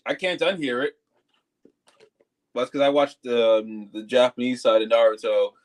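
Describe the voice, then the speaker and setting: A man's voice: mid-range voice, a little slow, a bit bright, rough recording. A man co-hosting a live fan review show, chatting casually and animatedly, jumping into quoted voices. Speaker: co-host.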